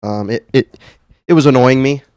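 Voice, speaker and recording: A man co-hosting a casual podcast, making crude jokes and quick asides. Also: mid-range voice, darkish tone, clean tone, no echo, clean studio sound. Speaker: podcast co-host.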